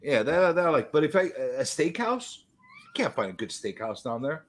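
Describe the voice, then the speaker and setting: A man's voice: a little high, sing-song. A man from New York in casual chat, talking bluntly and stumbling over his words. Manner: halting, repeats words, blunt opinions. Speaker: podcast co-host.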